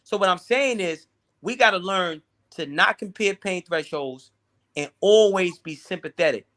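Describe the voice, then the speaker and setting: Bright-voiced man telling a raw story. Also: high-pitched. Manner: profane, halting, repeats words. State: teary. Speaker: guest. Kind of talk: casual candid storytelling.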